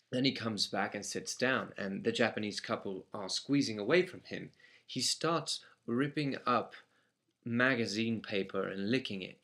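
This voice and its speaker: A man's voice: fairly low pitch, a bit bright. A man with an English accent telling a first-person anecdote in a matter-of-fact, dry way. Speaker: storyteller.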